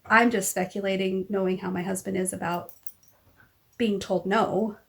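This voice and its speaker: A woman's voice: medium pitch, steady tone, normal speed, vocal fry, fairly bright tone. A mother talking in a casual personal vlog, telling a long rambling story and acting out what others said. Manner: rambling storytelling, acts out quoted dialogue. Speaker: vlogger.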